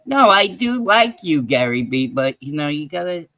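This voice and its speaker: A man, a guest on a live-stream talk show, talking in an excitable way and calling out viewers in the chat. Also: on the high side, normal speed, dry recording. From New York. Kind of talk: casual live-stream banter.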